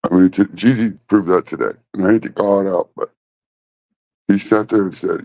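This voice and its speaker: Gravelly man ranting on a phone livestream. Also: sits low, a little fast, darkish tone, no room sound. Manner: profane, rambling, blunt. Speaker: livestream host. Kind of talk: casual livestream rant. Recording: dull lo-fi phone audio.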